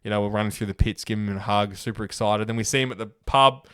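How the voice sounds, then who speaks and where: A young Australian man co-hosting a casual podcast, telling lively stories and swearing freely. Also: fairly low pitch, smooth, dry recording, studio quality. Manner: animated storyteller, quick, swears casually. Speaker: podcast co-host. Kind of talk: casual chat.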